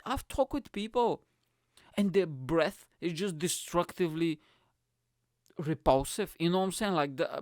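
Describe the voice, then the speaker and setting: A man's voice: on the high side, no room sound, clean studio sound. A young man hosting a casual solo podcast, rambling bluntly with constant swearing. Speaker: podcast host.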